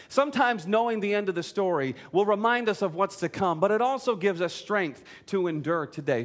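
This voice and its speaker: A man preaching a sermon, earnest and direct, asking the congregation questions and joking in between. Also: high-pitched. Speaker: pastor.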